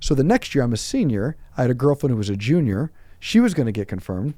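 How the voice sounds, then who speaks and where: Priest in his 40s, quick and animated, self-mocking storyteller, dark mellow tone, dry close mic. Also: mid-range voice, no echo. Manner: animated, self-deprecating, acts out quotes. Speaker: priest, podcast guest. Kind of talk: casual storytelling conversation.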